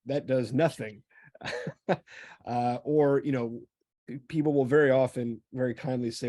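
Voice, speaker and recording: A man hosting a webinar, speaking in a measured way and reading out audience questions on a video call. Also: medium pitch, dark tone, no room sound. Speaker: webinar host and chaplain. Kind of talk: moderating a conversation.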